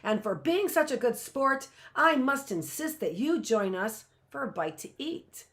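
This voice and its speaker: A woman voicing a smooth-talking, jovial male lawyer with grandly polite, hearty speech in a storybook reading. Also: high voice, animated, measured pace, a bit bright, pitched above the performer's own voice.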